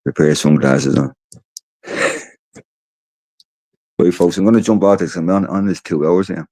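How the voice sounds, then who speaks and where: A deep, slightly mellow male voice moves at a measured pace with no echo. It belongs to a tired Irish livestream host telling loose stories indoors at home, full of swearing and repeated words.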